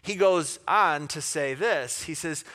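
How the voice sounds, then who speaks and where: A man preaching a sermon, telling a parable in an animated way, with asides and rhetorical questions. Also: fairly high pitch, slow. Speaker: pastor.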